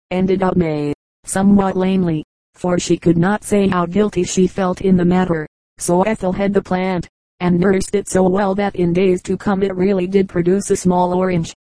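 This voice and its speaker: Woman reading a storybook, low and flat. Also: dry recording, rough recording. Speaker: audiobook reader. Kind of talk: storybook narration.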